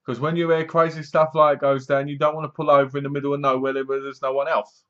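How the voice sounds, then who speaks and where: Sarcastic guy chatting through a review, bit high-pitched, muffled cheap sound. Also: little pitch movement, fast, a bit bright. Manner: chatty, sarcastic, acts out lines in funny voices. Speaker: film reviewer. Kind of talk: casual spoken review. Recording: dull lo-fi sound.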